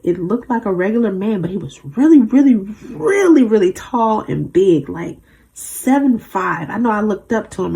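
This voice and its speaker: A woman's voice: mid-range voice, dark tone. A woman tarot reader in a casual vlog monologue, rambling through stories in a blunt, emphatic way with slang and mild swearing.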